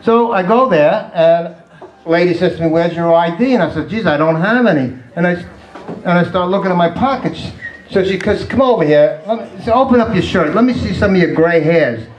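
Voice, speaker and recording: A man's voice: sits high, expressive, fairly quick, echoey room, poor audio. A man doing a stand-up routine of one-liners, chuckling at his own jokes. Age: 60s. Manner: laughs at his own jokes, sighs "terrible". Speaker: stand-up comedian.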